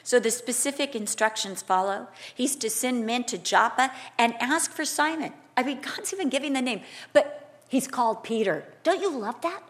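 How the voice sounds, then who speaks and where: A middle-aged woman with a fairly high voice preaches at normal speed. She moves between scripture teaching and a lively personal story, loudly acting out the quotes.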